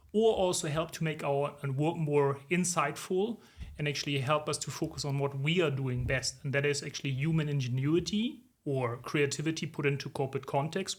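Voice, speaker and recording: A man in his forties, a consultant guest in a podcast interview, answering in a measured, reflective way with many "um"s and "if you will". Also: fairly high pitch.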